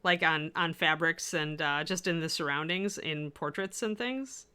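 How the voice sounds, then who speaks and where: A woman co-hosts a livestream about miniature painting, chatting in a rambling way full of fillers while reading and answering viewer comments. Her voice is low-pitched, smooth, bright, and forceful, at a measured pace.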